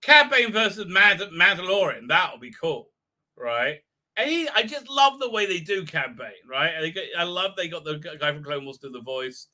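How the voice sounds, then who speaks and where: A man's voice: on the high side, big pitch swings, moderate pace, bright, forceful tone. A man hosting a live stream, rambling through a show in a mocking tone and slipping into silly voices. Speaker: show host.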